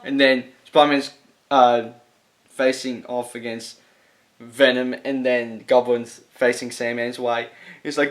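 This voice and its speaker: A man's voice: mid-range voice, level tone, takes it slowly. A man casually ranking movie final battles, rambling enthusiastically with lots of fillers and restarts. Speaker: movie reviewer.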